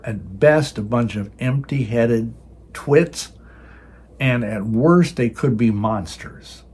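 Husky older man preaching. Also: on the low side, a little mellow. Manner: emphatic, repeats words when restarting. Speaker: Christian video host. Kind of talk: preaching commentary.

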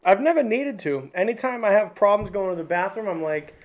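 A man's voice: sits high, expressive, brisk. A young man talking bluntly and swearing in a casual podcast chat. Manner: blunt, profane, emphatic. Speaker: podcast guest.

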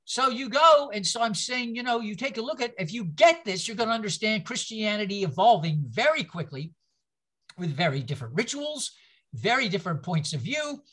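Older man, lecturer, conversational class talk, very animated pitch, self-mocking, repeats words. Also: normal speed. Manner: rambling storytelling with self-mocking humor; repeats words and restarts often.

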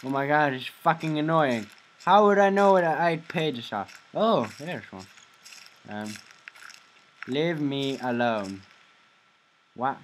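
A man's voice: on the high side, lively intonation, a little slow, a little hiss or hum, low-quality recording. A young man commenting on a horror game as he plays, jumpy, muttering to the game and then shrieking at scares. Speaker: gamer.

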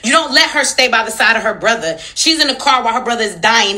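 A young female social media commentator delivers a fierce, heated rant packed with profanity and pointed rhetorical questions. Her bright, tense voice swings widely in pitch, and she is expressive and emphatic, talking fast with few pauses.

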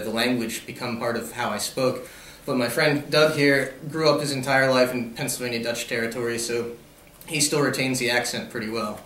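A man interviewing his friend in a relaxed, friendly way. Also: mid-range voice, slight background noise. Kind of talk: casual interview. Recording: echoey room, far from mic.

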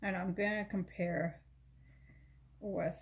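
A woman's voice: medium pitch, steady tone, takes it slowly. A woman beauty vlogger talking casually as she shows her makeup, chatty and rambling, often correcting herself mid-sentence. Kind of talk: casual chat showing makeup.

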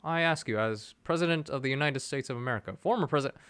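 A man doing a deliberately bad impression of a middle-aged former president, with a formal, speech-giving delivery. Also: medium pitch, a bit bright, clear, resonant tone, no echo, lightly acted. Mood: mock-presidential.

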